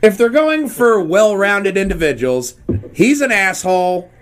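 A man's voice: sits high, very animated, a little slow, slight background noise. Joking man hosting a podcast. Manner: irreverent, rambling joker. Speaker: podcast host. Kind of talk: casual chat.

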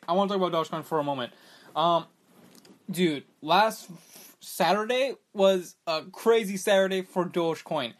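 Excitable young man podcasting with hiccups. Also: fairly high pitch. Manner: excitable and rambling, many fillers like "like" and "bruh". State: has the hiccups. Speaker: podcast host. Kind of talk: casual solo podcast chat.

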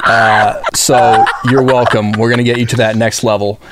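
A mid-pitched man makes dry jokes to the guest on a podcast. Heavy noise sits loudly under his voice. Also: little pitch movement, normal speed. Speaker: podcast co-host. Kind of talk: casual podcast chat.

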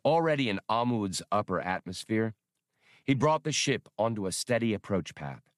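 A man reads an audiobook in a low voice. His pitch rises and falls a great deal as he tells the story. The recording is dry and close. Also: big pitch swings, normal speed, no room sound. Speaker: audiobook narrator. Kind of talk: audiobook reading.

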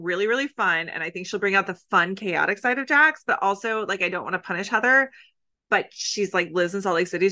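Bright-voiced chatty woman podcaster. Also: mid-range voice. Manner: chatty, rambling, quick jokes. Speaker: podcast co-host. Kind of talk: casual chat.

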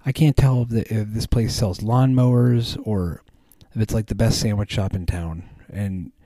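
A man's voice: fairly low pitch, steady tone, normal speed, dark tone, no echo. A man hosting a podcast, chatting casually in a rambling way with many ums and restarts. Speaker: podcast host. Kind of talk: casual chat.

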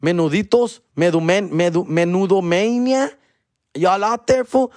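A man's voice: sits high, moderate pace, darkish tone, no room sound, clean studio sound. A man, a comedian host riffing in a profane, slangy monologue and ending lines with "fool" and "dog". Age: 40s.

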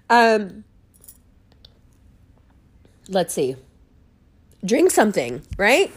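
A woman telling a story in a casual monologue, blunt and animated, swearing freely and laughing often. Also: mid-range voice, unhurried.

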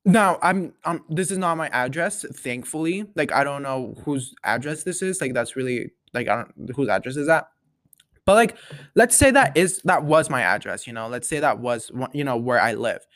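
A young man hosting his own podcast, talking in a loose, rambling way packed with fillers. His pitch sits in the middle of the range, and he tells his stories with big dramatic swings. The sound is dry and close, with almost no room around him. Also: animated, normal speed, a bit bright, no room sound. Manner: rambling, dramatic storytelling with many fillers and repeated "like". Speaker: podcast host. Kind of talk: casual solo podcast chat.

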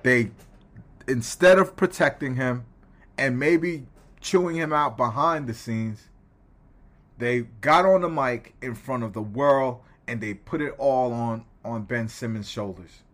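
Slow, emphatic male podcast host. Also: mid-range voice. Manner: emphatic, animated, pausing mid-thought. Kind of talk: casual podcast talk.

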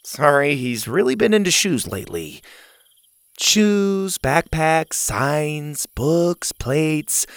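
A man's voice: fairly high pitch, big pitch swings, slow, a bit bright, no echo, pitched above the performer's own voice, heavily acted. A man voicing a curious, eager young boy at summer camp. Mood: apologetic.

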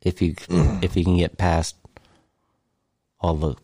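Super deep dark-voiced guy, hesitant, lots of uhs, dry close sound, chatting casually. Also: level tone, takes it slowly, slightly rough, no room sound. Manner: hesitant, many uh fillers and restarts. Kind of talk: casual chat.

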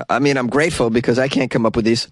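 A wisecracking man hosts a comedic news podcast at a studio mic, chuckling between remarks. His voice sits at a middling pitch and is recorded close and dry, with no room echo. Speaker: podcast host.

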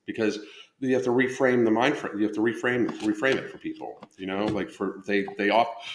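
Speaking fairly quickly in a lowish voice, this man streams live from an indoor room at home, where the sound carries a roomy echo and a little hiss or hum. He's a podcast host and fitness coach chatting casually about his coaching, swearing freely and breaking off mid-sentence to restart.

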